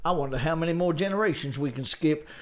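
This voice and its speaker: A man's voice: on the high side, quick pace. A man co-hosting a comedy podcast, bantering and joking. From Australia. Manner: jokey, mock-archaic bits, silly impressions. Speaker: podcast co-host.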